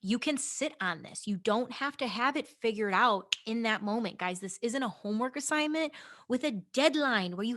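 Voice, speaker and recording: A woman's voice: on the high side, lively intonation, moderate pace, a bit bright. A young adult woman hosting a podcast, talking casually and frankly, swearing now and then and addressing her listeners directly. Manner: chatty, swearing, many restarts and asides to listeners. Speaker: podcast host. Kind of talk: casual chat about goals and meditation.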